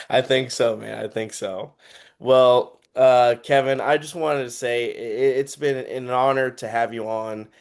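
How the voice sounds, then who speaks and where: A man's voice: mid-range voice, steady tone, slow. Guy hosting an interview, really enthusiastic, keeps saying how awesome it is. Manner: enthusiastic, effusive praise. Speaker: interview host. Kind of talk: casual interview.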